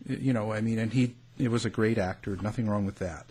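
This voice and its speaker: A man's voice: fairly low pitch, a little mellow, slight background noise. A man with a Canadian accent hosting an interview, rambling with plenty of fillers. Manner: rambling, filler-heavy, quick to laugh. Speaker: show host. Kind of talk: casual interview chat.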